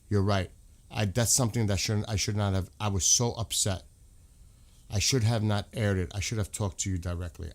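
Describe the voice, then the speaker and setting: An American livestream host speaks in a fairly low, darkish voice during casual talk. He sounds heated, keeps repeating himself, and curses frequently.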